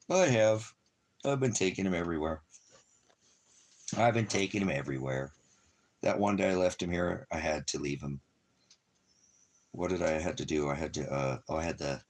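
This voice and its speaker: Deep-voiced man rambling casually. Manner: loose, filler-heavy, repeats himself. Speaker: vlogger.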